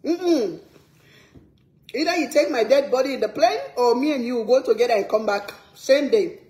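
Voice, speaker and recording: This cooking vlogger from Sierra Leone addresses her audience casually in Sierra Leonean English, her pitch fairly high and her pace moderate. The tone is mellow and the room sounds spacious. Earnest and emphatic, she repeats herself to drive points home.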